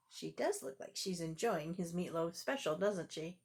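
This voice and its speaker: An older woman reading a picture book to children, with animated, exclaiming asides to the listener. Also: on the low side, moderate pace, few pauses, husky. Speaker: storyteller grandmother.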